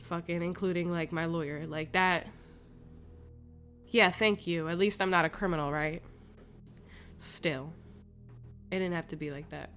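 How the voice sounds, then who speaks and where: Young woman host, lowish voice, animated and slangy storytelling, swears a lot. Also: a little slow, long pauses, soft background music. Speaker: podcast host. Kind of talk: casual storytelling monologue.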